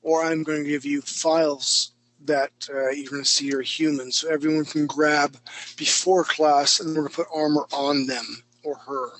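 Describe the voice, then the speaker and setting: A man's voice: on the high side, steady tone, moderate pace, fairly bright tone, rough recording. A man teaching a live online drawing class, chatty and self-mocking as he talks through each stroke. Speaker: drawing instructor.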